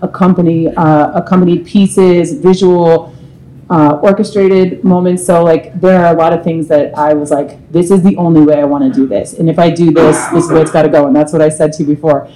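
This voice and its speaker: Dark-toned, profane woman telling stories. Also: low-pitched, fairly quick, a little hiss or hum, poor audio. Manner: profane, animated storyteller. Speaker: touring R&B singer, guest. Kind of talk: candid live panel talk. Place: live event in a bar.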